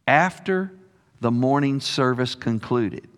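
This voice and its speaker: A man preaching a sermon as a story, slow and expressive, dropping his voice softly on key words. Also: medium pitch. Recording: long hall reverb.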